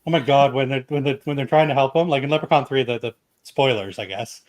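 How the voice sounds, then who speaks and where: A male podcast co-host with a mid-pitched everyday voice. He tells stories eagerly in casual chat. He often stumbles and repeats words. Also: quick pace. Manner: enthusiastic storyteller, repeats words.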